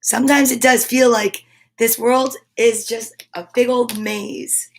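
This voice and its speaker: A woman reading a children's picture book aloud on a livestream, gentle and enthusiastic, often dropping to a whisper. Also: on the high side, fairly even intonation, slow. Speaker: storyteller.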